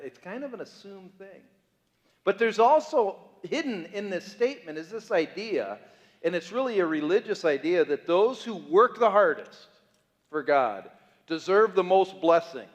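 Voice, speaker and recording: Preaching a sermon in a church sanctuary, this pastor speaks at a normal speed in a high, sing-song voice. He keeps it chatty and humorous, firing rhetorical questions at the congregation, and the hall around him is reverberant.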